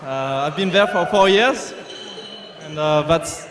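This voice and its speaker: A man from France with a French accent thanking the audience in halting English. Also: fairly high pitch. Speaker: award winner. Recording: echoey hall, faint noise.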